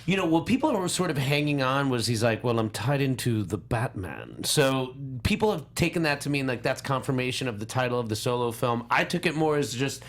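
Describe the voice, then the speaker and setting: A man co-hosting a casual film-news panel, talking in a measured, hedging way. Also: medium pitch, fairly bright tone. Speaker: podcast co-host.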